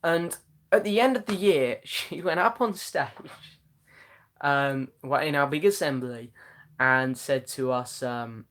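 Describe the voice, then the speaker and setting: A man's voice: fairly high pitch, slow, a bit bright. A young man hosting a casual live chat, reading out viewers' comments in a chatty, meandering way with many ums. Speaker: live-stream host.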